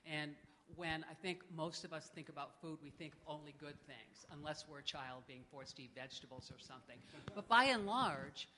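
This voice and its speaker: Man, panel talk, musing with fillers, bright tense voice, echoey hall, faint noise. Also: on the high side, little pitch movement, a little fast, hardly any pauses. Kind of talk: panel discussion.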